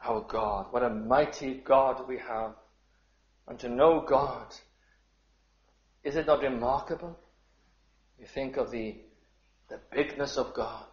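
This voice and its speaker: A man preaching a sermon, measured and deliberate, sometimes rising into fervent appeals. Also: mid-range voice, reverberant, highs cut off.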